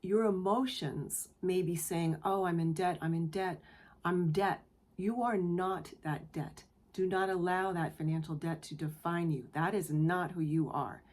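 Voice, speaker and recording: Soft-spoken woman giving a tarot reading. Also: fairly low pitch, unhurried. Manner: gentle, earnest, affirming; emotional, near tears. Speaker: tarot reader, channel host. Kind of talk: spiritual tarot reading to camera.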